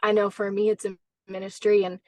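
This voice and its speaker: A woman coach shares a story on a podcast, her voice pitched in the middle range for a woman. She talks in an earnest, heartfelt way, stopping often to restart her sentences. The sound is dry and close, with no room echo. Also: monotone, brisk, warm tone. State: briefly emotional. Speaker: basketball coach, guest. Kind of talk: conversational interview storytelling.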